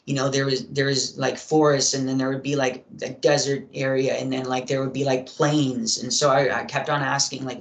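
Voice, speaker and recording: A young man, a podcast guest, telling a personal story in a rambling way, with many fillers and frequent throat clearing. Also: medium pitch, flat delivery, moderate pace, few pauses. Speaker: interview guest. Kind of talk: casual storytelling in an interview. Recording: echoey room.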